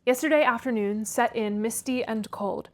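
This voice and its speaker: Woman reading a novel aloud, slightly high voice, chatty asides, laughs off slips. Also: normal speed. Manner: chatty, laughs at own stumbles, comments between passages. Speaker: audiobook reader, read-aloud host.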